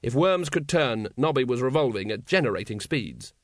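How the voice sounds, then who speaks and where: An audiobook narrator, male, reads a story aloud in steady storytelling fashion as scripted narration. His mid-range voice moves at normal speed, captured in a dry, studio-quality recording.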